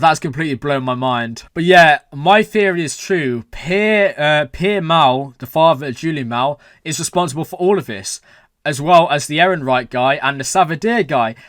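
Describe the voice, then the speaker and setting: A young man hosting a show reaction, rambling excitedly with lots of "like" and "man". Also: fairly high pitch, no echo, clean studio sound. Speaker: reaction video host. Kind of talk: excited casual reaction talk.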